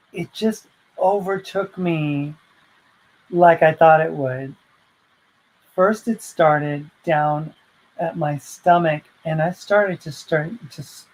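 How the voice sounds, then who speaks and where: A woman's voice: sits low, poor audio. A woman vlogger telling a personal story in a heartfelt, rambling way, full of fillers and restarts.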